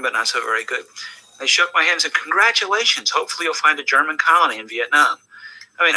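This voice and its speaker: An older man from the United States, answering interview questions as an animated, joking storyteller who drops now and then to a hushed tone. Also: on the high side, poor audio. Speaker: interview guest. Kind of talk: conversational storytelling.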